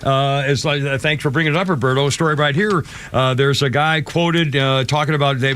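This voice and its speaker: A man in his seventies hosts a talk show, offering opinionated commentary in a rambling, heated rant with many restarts, at times getting choked up. His voice is mid-range with a fairly bright tone.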